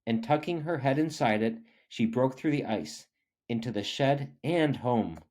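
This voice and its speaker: A man reading a children's picture book aloud, expressive and animated. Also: medium pitch, measured pace. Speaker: reader.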